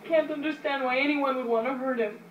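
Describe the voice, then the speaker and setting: An actress playing a grieving, weary young mother who speaks in halting, tearful lines in a video game. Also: sits high, fairly even intonation, a little hiss or hum, close to an everyday voice. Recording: roomy, distant game audio with music.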